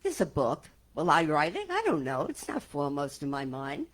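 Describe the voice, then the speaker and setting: A woman minister speaking to her congregation in a calm, earnest and reflective way. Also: low voice, moderate pace. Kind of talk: reflective sermon talk. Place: church sanctuary before a congregation.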